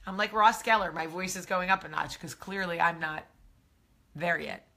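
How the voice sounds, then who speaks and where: A woman in her thirties hosts a live video show through a phone or webcam, giving personal advice in a candid, animated, casual monologue. Her lowish voice is creaky yet bright and forceful, with fairly even intonation at normal speed.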